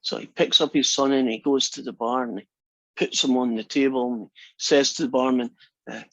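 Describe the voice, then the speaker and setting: A man's voice: medium pitch, fairly even intonation, brisk, vocal fry, no echo. Guy teaching a math class, jokey and chatty, muffled lo-fi classroom recording. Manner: chatty and joking, talks through steps conversationally. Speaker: math instructor. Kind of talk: casual classroom lecture. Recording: dry, dull lo-fi lecture recording.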